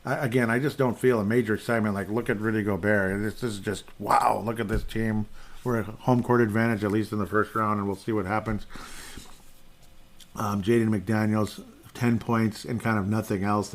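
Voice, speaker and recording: Male podcast host, slightly low voice, casual and sarcastic, rambling stat-heavy recap. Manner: rambling, sarcastic, laughs often.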